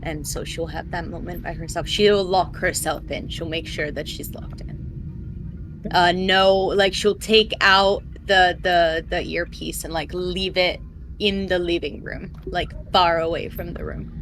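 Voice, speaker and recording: A woman's voice: on the low side, fairly even intonation, unhurried, a bit bright, a little hiss or hum. A woman tabletop player and streamer, chatting casually and rambling with lots of fillers over an online call mic. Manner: rambling, full of "um" and "like". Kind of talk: casual chat about her character.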